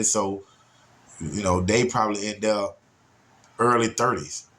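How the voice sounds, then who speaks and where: A man telling a story from his childhood in a casual, animated way, talking straight to his listeners and swinging his pitch widely for emphasis. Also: slight background noise. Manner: talks straight to listeners, often with "y'all" and "man".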